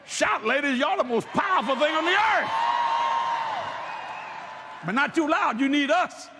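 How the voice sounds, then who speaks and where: A male preacher, telling stories in a sermon, animated and joking, bursting into shouted emphasis. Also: very high voice, a little slow, pauses often, crowd noise, background noise. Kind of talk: sermon with storytelling.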